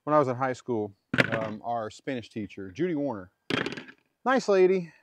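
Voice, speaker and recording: Heavy background noise surrounds a homesteader as he chats his way through a butchering job at a moderate pace. His medium-pitched voice swings widely in pitch, and he rambles, corrects himself and drifts into asides.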